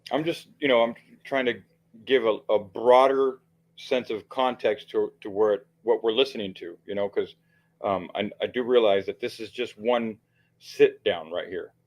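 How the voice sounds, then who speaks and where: A man's voice: lowish voice, normal speed. A man giving heated, profane livestream commentary, rambling with frequent restarts and fillers.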